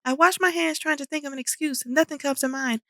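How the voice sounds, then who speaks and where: A woman reading a children's storybook aloud in an animated, expressive way. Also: sits high, quick pace, no echo, clean studio sound. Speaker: storybook reader. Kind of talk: children's book read-aloud.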